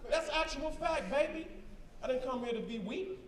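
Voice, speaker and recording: A man's voice: extremely high pitch, lively intonation, moderate pace, roomy sound, recorded from a distance, a crowd in the background. A man in a live debate, reading documents aloud with emphatic, combative slang asides. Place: event hall with a crowd.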